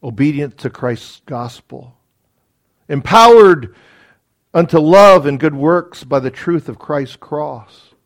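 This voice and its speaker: A man's voice: fairly high pitch, expressive, takes it slowly. A man preaching a sermon as pastor, earnest and building to emphatic peaks, with casual asides. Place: church.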